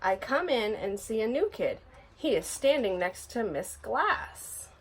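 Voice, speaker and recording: Expressive woman reading a picture book. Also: a little high, measured pace, husky. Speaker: storybook reader.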